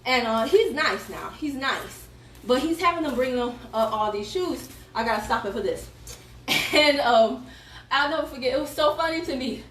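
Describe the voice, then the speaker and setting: A high-voiced woman tells a story on a live stream while she exercises. She is chatty and animated, laughs often, and sounds a little out of breath. She is heard from a distance in a roomy space with faint background noise. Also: normal speed. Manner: animated, chatty, addresses viewers as y'all, laughs a lot. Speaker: fitness coach recruiting for her team.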